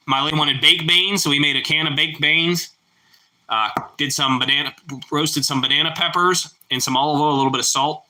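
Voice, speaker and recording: A young man talks casually to his livestream viewers in a relaxed, rambling way, now and then whooping with excitement. His voice is very bright and sharp, at an ordinary pitch. He is picked up by a plain streaming mic. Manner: relaxed, chatty, exclaims "woo" over food. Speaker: livestream host. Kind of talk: casual live chat with viewers.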